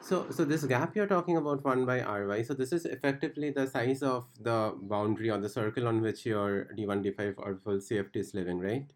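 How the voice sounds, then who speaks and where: A man speaks up from the audience during a seminar, asking a careful question to check that he has understood. His voice sits at a middle pitch for a man. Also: fairly quick, few pauses.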